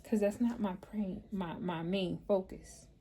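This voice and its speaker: Mellow-voiced woman in her fifties chatting. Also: medium pitch, steady tone, measured pace, slight background noise. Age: 50s. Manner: candid, storytelling, talks straight to viewers. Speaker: vlogger and mother. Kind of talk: casual chat to camera.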